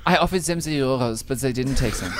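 A man hosting a breakfast radio show, joking and rambling with restarts. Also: mid-range voice. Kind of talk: playful radio banter. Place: radio studio.

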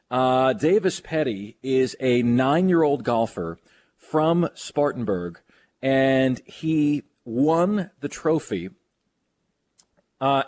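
A man hosting a sports radio show, enthusiastic and joking as he interviews a guest. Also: a little mellow. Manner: enthusiastic, joking, swings pitch widely.

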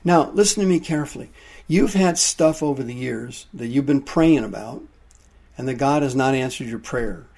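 A man preaching a sermon, explaining Greek words from the Bible with drawn-out emphasis. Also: medium pitch, vocal fry, a little mellow, breathy edge.

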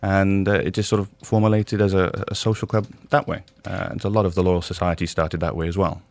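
A man from Wales speaks as a radio guest in a very deep, low voice. He is easygoing with a dry sense of humour and sometimes restarts his sentences. The studio sound is close and dry. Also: little pitch movement, quick pace, vocal fry, no room sound. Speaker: guest, social club representative. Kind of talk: casual chat interview.

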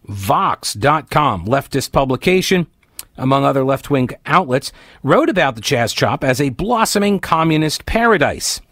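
A man's voice: medium pitch, sing-song, normal speed, a bit bright, no echo, clean studio sound. A man hosting a talk radio show, delivering an opinionated monologue full of sarcastic, mocking asides.

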